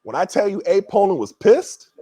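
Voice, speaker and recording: A man in his forties, a former pro athlete guest, telling a story in a lively way and acting out what others said. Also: normal speed, no room sound. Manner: lively, acts out quotes with shifting pitch. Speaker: guest, former NBA player. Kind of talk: animated storytelling.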